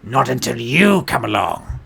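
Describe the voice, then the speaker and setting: A man's voice: mid-range voice, very animated, a little slow, creaky, a bit bright, breathy edge, full character voice. Man voicing a grumpy goblin bard woman. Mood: indignant. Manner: indignant, haggling.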